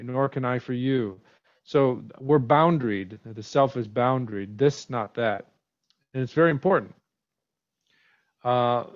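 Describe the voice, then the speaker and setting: A man gives a spiritual lecture to a class, speaking thoughtfully and often circling back to restart a word. His voice sits at an ordinary middle pitch. The recording sounds a little dull and lo-fi. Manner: thoughtful, repeats and restarts words. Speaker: teacher.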